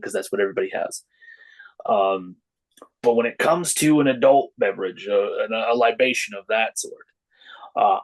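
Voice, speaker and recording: A middle-aged man, a wrestler guesting on a podcast, chatting casually and acting out the voices in his stories. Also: poor audio. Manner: storytelling, acts out quoted voices with lively pitch jumps. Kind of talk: casual chat.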